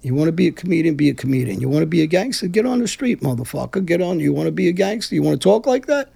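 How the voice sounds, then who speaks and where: A man's voice: on the high side, very animated, very fast, creaky, mellow, slightly rough. A middle-aged man from Brooklyn, giving a blunt, combative interview and rambling with restarts. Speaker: interview guest. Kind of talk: heated conversational interview.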